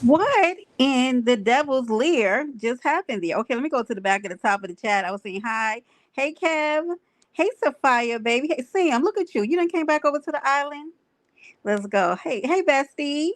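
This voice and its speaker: A woman hosting a livestream, greeting her chat and ranting in an animated, profane, emphatic way. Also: sits high, moderate pace, dry recording. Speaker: livestream host. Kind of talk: livestream rant and viewer chat.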